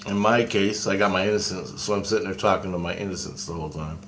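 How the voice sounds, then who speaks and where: Low-voiced man telling a rambling story. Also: steady tone, a bit bright, slight background noise. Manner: rambling and halting, with frequent restarts and casual swearing. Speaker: storyteller recounting a personal experience. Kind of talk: casual spoken anecdote.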